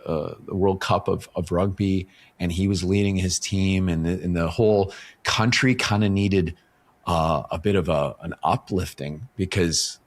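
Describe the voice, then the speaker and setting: A man's voice: sits low, fairly even intonation, measured pace. A middle-aged man, a guest talking casually in an interview and explaining ideas through stories, often tagging his points with "right?". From Canada. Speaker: author and professional speaker, podcast guest.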